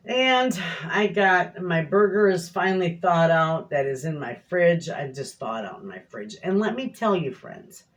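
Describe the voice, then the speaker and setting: A woman's voice: on the low side, lively intonation, a little slow. A middle-aged woman chatting casually to viewers in her home kitchen, a rambling, folksy storyteller. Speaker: homestead cooking vlogger.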